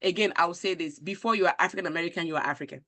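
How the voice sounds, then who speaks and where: A woman with a Nigerian accent hosts a live-stream conversation, reading viewer comments aloud. Her lowish voice is rapid-fire, bright and forceful, full of passion and conviction.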